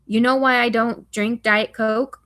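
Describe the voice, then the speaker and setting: A dry-witted American FBI veteran near fifty, read by a woman, unhurried and deadpan. The delivery stays level, with little rise and fall in the tone. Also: on the high side.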